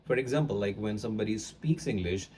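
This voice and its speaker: A man's voice: on the low side, brisk, darkish tone, a little hiss or hum. A man with an Indian accent explaining things in an online English lesson, with many fillers and words stressed for emphasis. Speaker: English teacher.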